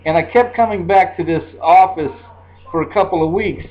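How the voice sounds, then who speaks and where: A man's voice: high-pitched, moderate pace. A man in his sixties telling a personal story in a casual, rambling way, often repeating himself. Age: 60s. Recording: dull lo-fi recording.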